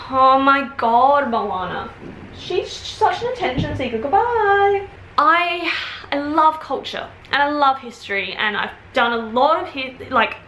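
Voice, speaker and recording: Chatty young woman, soft mixed Australian-British accent. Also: on the high side, echoey room, a little hiss or hum. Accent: Australian with British influence. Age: 20s. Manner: chatty, rambling, quick asides. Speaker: vlogger. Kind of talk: casual chat to camera. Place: at home, indoors.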